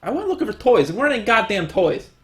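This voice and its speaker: A man co-hosting a podcast, talking casually in an animated, rambling way with frequent laughs. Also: sits high, fast talker. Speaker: podcast co-host. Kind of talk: casual chat.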